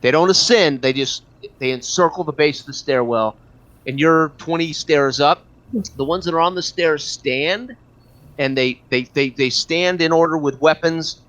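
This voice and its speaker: A man's voice: a little high, a bit bright, dull audio. A man narrating a tabletop game as game master, stumbling through restarts and fillers as he describes the scene. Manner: halting, many restarts and fillers.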